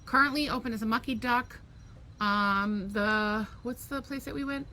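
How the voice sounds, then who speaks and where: A woman's voice: a little high, moderate pace, bright, forceful tone, slight background noise. A woman co-hosting a podcast at home, chatting casually and animatedly and swearing freely. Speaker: podcast co-host. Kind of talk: casual chat.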